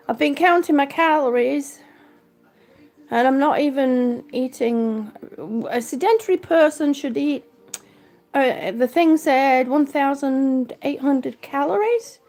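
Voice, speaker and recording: A woman's voice: high voice, gravelly, darkish tone. A woman chatting casually on a live-stream vlog from her home, thanking viewers by name. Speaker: vlogger. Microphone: phone or camera held by hand.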